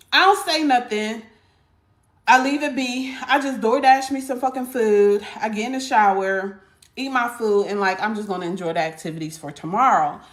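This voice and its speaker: A woman's voice: high voice, a bit bright. A woman telling a casual storytime to her viewers, blunt and profane, talking straight to them as y'all. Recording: echoey room.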